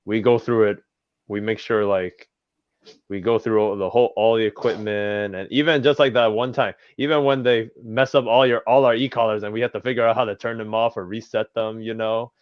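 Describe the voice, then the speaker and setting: Man, guest, rambling with fillers, low smooth voice, dull lo-fi dry sound. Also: fairly even intonation, brisk, no room sound. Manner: rambling, heavy fillers like "you know". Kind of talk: casual chat.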